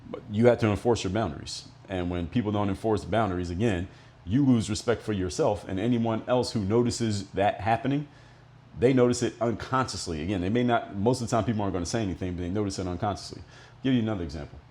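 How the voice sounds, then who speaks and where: A man's voice: fairly low pitch, fast talker, darkish tone. A middle-aged man from Miami talking solo as a podcast host, telling stories bluntly, with some swearing. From Miami, United States. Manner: blunt, profane, explanatory. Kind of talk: monologue storytelling.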